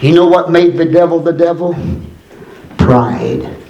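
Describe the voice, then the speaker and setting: Male preacher, fervent sermon, echoey church recording. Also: lo-fi sound. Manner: builds from low, measured speech to high, shouted preaching. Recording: echoey church room, far from mic, congregation.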